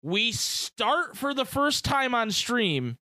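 Chatty excitable man, lively high voice. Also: takes it slowly, no echo, clean studio sound. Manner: chatty and excitable, uses gamer slang. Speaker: podcast co-host. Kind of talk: casual chat.

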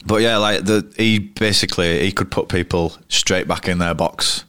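A man's voice: low-pitched, fairly even intonation, normal speed, a bit bright, clean tone, no echo. A man with a Yorkshire accent, a cricketer as interview guest, telling rambling, blunt stories full of restarts. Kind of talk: casual interview storytelling. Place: pub.

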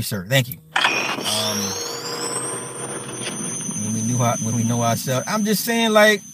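With a little background noise behind him, a livestream host speaks in a slightly high, fairly bright male voice. He rambles through a crude, outspoken rant, stumbling over and repeating words, and pauses now and then to respond to and thank his chat.

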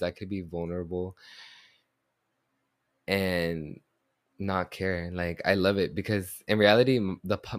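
A man's voice: sits low, no room sound, clean studio sound. A young man from the United States touches, hosting a solo podcast in a rambling, affectionate, filler-heavy way. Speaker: podcast host. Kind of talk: casual solo podcast chat.

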